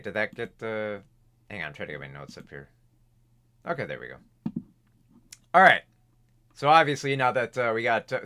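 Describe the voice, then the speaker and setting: A man reviews movies in a loose, chatty way, often stopping to restart his sentences. His pitch moves up and down a lot as he talks. He records at home in front of a camera. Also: bright, forceful tone. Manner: rambling, restarts sentences, laughs at himself. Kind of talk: casual spoken film review. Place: home recording setup with camera and big monitor.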